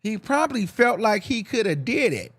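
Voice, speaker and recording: Here a young man runs a podcast of sassy, campy celebrity gossip that he delivers to himself. He speaks at a normal pace in a high-pitched voice, animated and full of campy slang.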